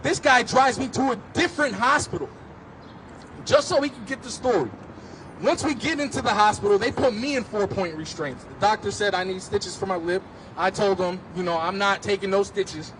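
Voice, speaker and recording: Speaking at a normal speed in a fairly high voice, a man delivers intense personal testimony at an open-air street rally, his words sometimes swelling into shouts. The recording carries a slight hiss or hum.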